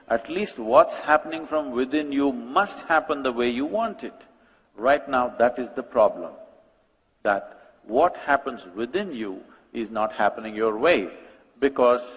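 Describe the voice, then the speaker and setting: A man's voice: mid-range voice, big-room sound. A man giving a public spiritual talk, questioning the audience with dry humor. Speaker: spiritual speaker.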